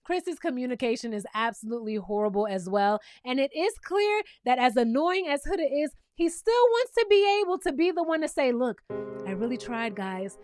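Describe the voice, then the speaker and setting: A woman's voice: sits high, lively intonation, brisk, hardly any pauses, darkish tone, soft background music. A woman hosting a reality TV recap, talking in a sassy, blunt, teasing way with casual, opinionated commentary.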